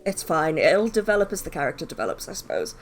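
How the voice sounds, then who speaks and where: Lively, chatty woman streamer. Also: deep voice, fast, faint music behind. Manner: chatty, self-deprecating, swears casually. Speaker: streamer playing a game. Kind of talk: live-stream gameplay commentary.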